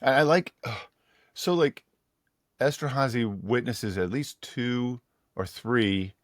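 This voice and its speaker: A man's voice: mid-range voice, takes it slowly, no room sound, clean studio sound. A man co-hosting a podcast, animatedly retelling a story in casual book chat and laughing often. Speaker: podcast co-host.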